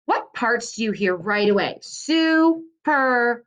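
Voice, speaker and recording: A woman's voice: a little high, expressive, a little slow, fairly bright tone. A woman teacher giving a recorded lesson to young children, stretching out syllables in a sing-song way. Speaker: second grade teacher.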